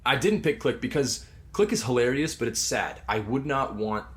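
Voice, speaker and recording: A man's voice: mid-range voice, moderate pace. A man co-hosting a podcast, chatting casually and retelling movie scenes with energy. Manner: animated storytelling, quotes movie lines. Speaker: podcast co-host. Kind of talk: casual chat.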